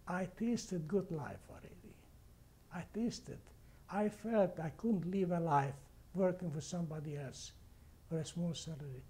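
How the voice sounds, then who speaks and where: Older man, heavy foreign accent, halting, repeats himself, husky, slightly high. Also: warm tone. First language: not English. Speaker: interviewee. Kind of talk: oral history recollection.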